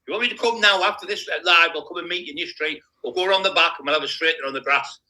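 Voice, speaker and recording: Blunt, confrontational male streamer with a bright, sharp voice. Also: fairly high pitch, racing, poor audio. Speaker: live stream host. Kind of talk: casual live stream chat.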